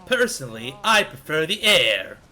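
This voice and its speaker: A man's voice: a little high, big pitch swings, normal speed, bright, forceful tone. A man playing a game on a stream, reacting with jokes in casual chat. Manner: joking reactions while playing.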